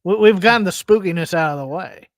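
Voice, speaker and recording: A man co-hosting a podcast, opinionated and quick to cut in with his own take. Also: high voice, no echo, studio quality. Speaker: podcast co-host. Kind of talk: casual wrestling commentary.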